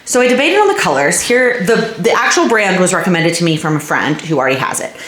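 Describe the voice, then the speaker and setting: A woman's voice: fairly low pitch, big pitch swings, a little fast, fairly bright tone. A young woman, vlogging from home in a rambling, chatty way that keeps interrupting itself. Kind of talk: casual chat. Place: home, indoors. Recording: echoey room with faint noise.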